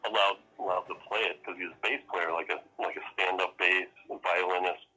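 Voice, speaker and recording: A very deep-voiced man with a bright, husky edge tells stories in a loose, rambling way, cursing constantly and breaking into laughs. It is relaxed casual podcast chat. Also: fairly quick, rough recording. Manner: rambling, profane, laughs often, acts out quotes. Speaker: podcast co-host.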